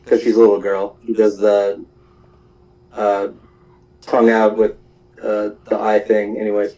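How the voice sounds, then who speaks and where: A man's voice: fairly low pitch, steady tone, moderate pace, pauses often, warm tone, low-quality recording. A young man hosting a show, casually recapping anime episodes in a rambling way full of fillers and small laughs.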